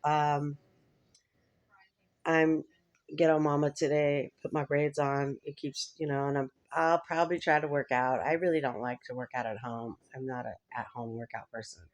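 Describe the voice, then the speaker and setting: A woman's voice: low-pitched, fairly even intonation, normal speed. Woman, vlogger, casual rambling chat, chatty, laughs often.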